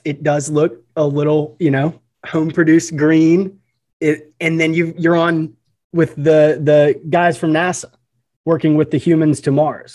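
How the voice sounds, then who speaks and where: A man's voice: fairly high pitch, a little mellow. A man hosting an interview, asking a long question with several restarts. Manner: halting, restarts his words. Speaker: podcast host.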